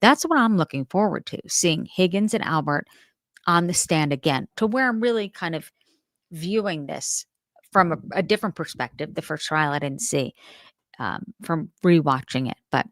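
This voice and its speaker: A woman's voice: sits low, expressive, moderate pace, dry recording. Chatty woman from New Jersey, dry close sound. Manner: chatty, rambling, self-deprecating. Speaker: true-crime show host. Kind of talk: casual live-stream chat.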